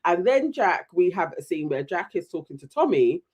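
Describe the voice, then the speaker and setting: A man's voice: a little high, normal speed, muffled recording. A man co-hosting a casual chat, recapping reality TV and acting out the people he quotes. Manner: animated, mimics voices when retelling scenes. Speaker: podcast co-host.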